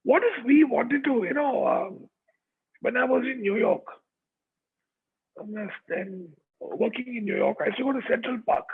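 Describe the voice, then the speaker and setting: Brief: high, gravelly male motivational speaker, raspy and chatty, heard through thin call audio. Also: a little slow. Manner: chatty, checks in with the audience. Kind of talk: motivational talk. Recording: tinny online call audio.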